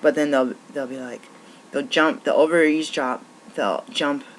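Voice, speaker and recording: A woman's voice: sits low, steady tone, measured pace, slight background noise, poor audio. A woman who works as a naturopathic doctor, venting in a frustrated, rambling monologue full of restarts.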